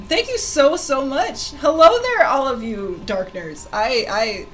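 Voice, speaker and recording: A woman drawing fan art on a casual livestream, chatting with viewers in an excitable, giggly way. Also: fairly high pitch, unhurried, rough recording.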